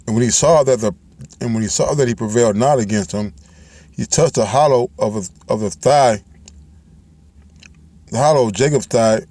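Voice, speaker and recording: A man giving informal Bible teaching, talking loosely and reading scripture aloud in a slow, measured way. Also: mid-range voice, warm tone, no echo. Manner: loose and conversational, ends phrases with "man" and "all right"; reads scripture aloud in slowed, measured cadence.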